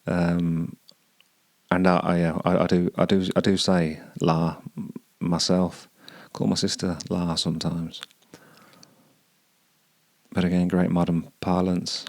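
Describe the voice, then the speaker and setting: A man hosting a podcast, musing over song lyrics and often pausing to search for words. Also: low-pitched, flat delivery, dry recording. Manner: hesitant, searching for words, many restarts. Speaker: podcast host.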